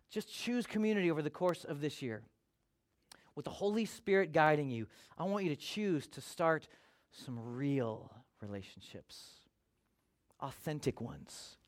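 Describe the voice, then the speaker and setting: A man preaching a sermon as a pastor, talking conversationally and acting out quoted voices. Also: on the high side.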